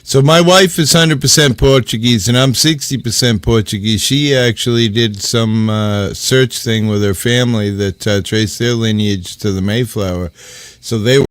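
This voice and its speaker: A man rambling in casual chat, halting and searching for words. His voice sits mid-range and sounds dry, close and unechoed. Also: mid-range voice, a bit bright, dry recording. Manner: rambling, halting, full of fillers.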